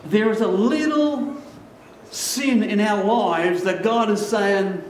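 In a roomy hall, a male pastor preaches an emphatic sermon, often slowing down and repeating phrases to drive them home. His voice is high for a man. A mic set some distance away picks him up, with a faint hiss underneath.

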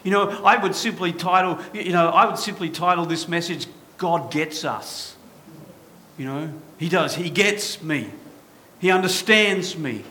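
A man's voice: fairly high pitch, measured pace, bright, forceful tone, a little hiss or hum. A man preaching a sermon as pastor, passionate and full of rhetorical questions to his congregation.

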